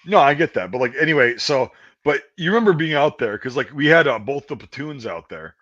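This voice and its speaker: Animated profane man telling army stories. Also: mid-range voice, brisk, no echo, highs cut off. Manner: profane, animated storytelling with shouted impressions. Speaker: podcast host and army veteran. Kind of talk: casual storytelling chat.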